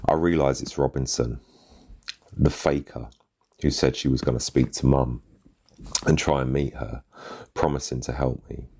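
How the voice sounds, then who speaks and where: Brief: adult man narrating a first-person story in street slang, voice very low and husky, bitter. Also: steady tone, normal speed, pauses often, dark tone.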